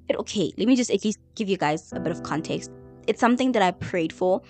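A woman's voice: fairly high pitch, expressive, fairly quick, soft background music. A woman sharing a personal faith testimony in a chatty, emotional way, with a lot of "like". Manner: emotional, chatty, heavy use of "like". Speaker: vlogger.

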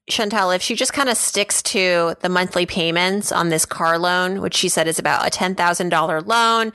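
A woman's voice: fairly low pitch, a bit bright, no room sound. A woman hosting a podcast, giving casual personal finance advice and thinking aloud with restarts. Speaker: podcast host.

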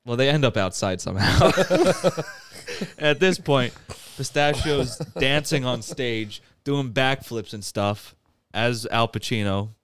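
A man's voice: medium pitch, expressive, slow pace, a bit bright. A man hosting a podcast, casually recapping a comedy movie and laughing often as he tells it. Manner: laughs often while retelling. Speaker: podcast host.

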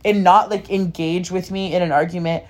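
A young woman in casual podcast chat, her voice sitting on the low side. She rambles and speaks frankly, with lots of fillers. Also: fairly even intonation, normal speed. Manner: rambling, filler-heavy, candid. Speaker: podcast co-host.

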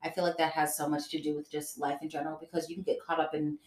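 Woman on a podcast, lowish voice, laughs a lot, cusses casually, echoey room. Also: fairly even intonation, quick pace, crowd noise. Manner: laughs a lot, loose and profane. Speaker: podcast co-host. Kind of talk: casual chat on a live podcast. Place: room at home, pouring tea.

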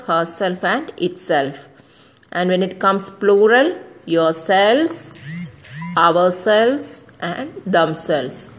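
A woman's voice: fairly low pitch, poor audio. A woman teaching an English grammar lesson, spelling out words letter by letter and working through example sentences.

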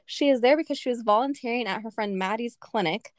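A young woman co-hosting a casual book podcast, talking in an animated way with lots of laughs and fillers. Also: on the high side, quick pace, no room sound, studio quality. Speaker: podcast co-host. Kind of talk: casual book-review chat.

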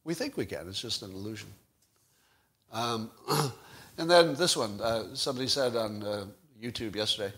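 A man's voice: lowish voice, animated, moderate pace, fairly bright tone, husky. An older man hosting his own podcast, talking alone in a combative, sarcastic way, rambling with fillers and casual swearing. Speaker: podcast host. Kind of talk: solo livestream commentary.

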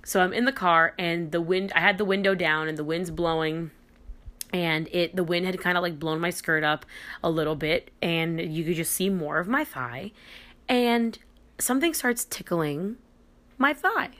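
A young adult woman with a slightly low-pitched voice hosts a podcast, telling a personal story in a loose, chatty way. She gets animated and excitable as she goes, stumbling into restarts and leaning on dramatic pauses. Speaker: podcast host. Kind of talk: casual storytelling.

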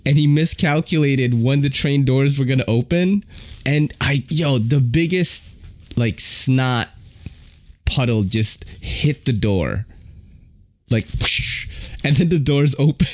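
A man, hosting and telling subway stories in a slangy, animated way, swearing freely. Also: slow pace, no room sound. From New York. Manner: animated, slangy, swears, jumps into high-pitched impressions. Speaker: podcast host. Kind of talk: casual storytelling.

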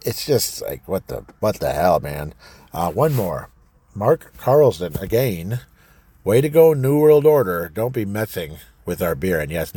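A man with a low, husky voice hosts a solo commentary show. He reads news aloud and drifts into sarcastic rants, chuckling at his own remarks. His tone is dark and mellow. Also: no room sound. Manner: ranting, sarcastic, laughs at own jokes. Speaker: podcast host.

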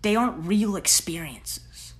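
A woman's voice: medium pitch, expressive, measured pace. A woman hosting a solo podcast, giving blunt, profane, slang-heavy tough-love talk. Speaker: podcast host.

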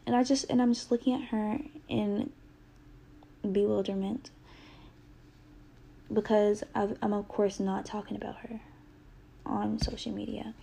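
A woman's voice: medium pitch, level tone, measured pace, gravelly, long pauses, dark tone. A young adult woman telling a personal story with earnest, heated retelling and quoted dialogue.

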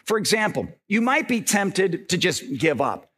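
A male pastor giving an energetic, conversational sermon, often checking in with the congregation. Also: high-pitched, a little slow, a little hiss or hum.

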